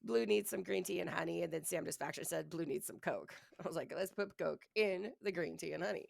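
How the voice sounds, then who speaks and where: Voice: medium pitch, a little fast, vocal fry, darkish tone. A podcast co-host in casual chat, giggly and easygoing, voice a bit sick. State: slightly sick voice.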